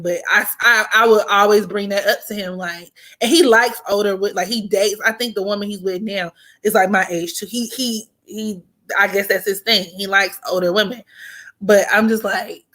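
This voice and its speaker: Bright-voiced woman telling a story. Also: mid-range voice, normal speed. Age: 20s. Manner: animated, profane, slangy storytelling. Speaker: vlogger. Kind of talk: casual storytime chat.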